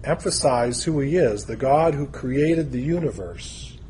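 A man preaching a sermon, speaking deliberately and building emphasis through long lists. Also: mid-range voice, expressive, darkish tone, slight background noise.

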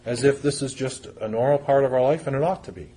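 A man's voice: mid-range voice, quick pace, dark tone, slightly rough. A man preaching a sermon, reading scripture aloud and explaining it in an earnest, conversational way. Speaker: pastor.

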